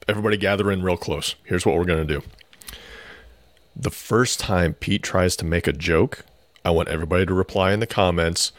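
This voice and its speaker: A man co-hosting a podcast, chatting casually with dry, teasing remarks. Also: sits low. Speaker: podcast co-host. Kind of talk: casual chat.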